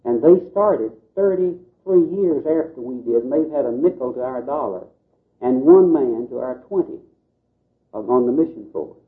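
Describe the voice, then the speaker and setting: Man lecturing on old tinny tape. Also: medium pitch. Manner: earnest preacherly delivery with folksy asides. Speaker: Baptist missions speaker. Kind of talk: lecture to a group.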